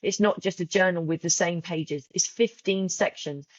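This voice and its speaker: A woman who creates journals speaks as a podcast guest in a fairly low voice at normal speed, on a muffled recording without echo. She talks openly and emotionally in this casual interview, often restarting and repeating her words.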